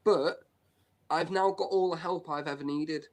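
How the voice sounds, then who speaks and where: A man's voice: fairly high pitch, steady tone, normal speed. A man talking bluntly and openly in a casual live-stream chat, full of "you know" and "right".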